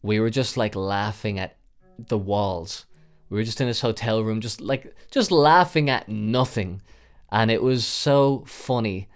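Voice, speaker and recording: A young man in his twenties hosting a podcast, telling a wild personal story casually, rambling with lots of fillers and swearing, getting loud and animated at the tense parts. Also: lowish voice, unhurried, clear, resonant tone, soft background music. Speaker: podcast host.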